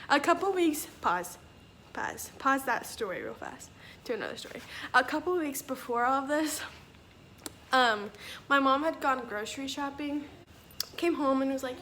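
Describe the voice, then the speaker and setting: A woman's voice: high-pitched, moderate pace, fairly bright tone, a little hiss or hum. A young woman telling a personal story in a casual vlog, chatty and rambling, acting out what others said. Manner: chatty, rambling, acts out quoted dialogue. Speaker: vlogger.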